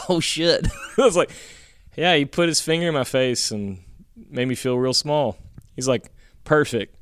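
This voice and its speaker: A man tells a story in loose, profane chat, rambling and getting animated when he quotes people. His voice is smooth and resonant, recorded close and dry with no room sound. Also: mid-range voice, normal speed, no room sound. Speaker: podcast co-host telling a story.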